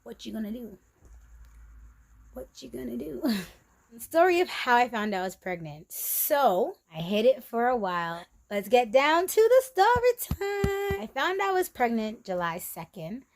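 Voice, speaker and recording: Animated, chatty young woman. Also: fairly high pitch, normal speed, gravelly. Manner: animated, chatty, slangy, acting out quoted friends. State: a bit out of breath. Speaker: vlogger. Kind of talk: casual storytime vlog.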